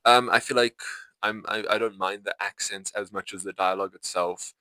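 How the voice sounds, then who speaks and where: A young man talks to camera about a film, his voice low-pitched but bright and forward. He rambles in loose, unscripted sentences, restarting and correcting himself often. The sound is close and dry. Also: fairly even intonation, moderate pace, no echo, rough recording. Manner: rambling, full of fillers and self-corrections. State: itchy eyes. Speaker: vlogger reviewing a film. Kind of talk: casual unscripted talk to camera.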